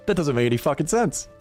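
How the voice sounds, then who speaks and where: A middle-aged man chatting casually on a livestream, rambling and swearing, laughing often. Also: mid-range voice. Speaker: livestream gamer. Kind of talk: casual chat to stream chat.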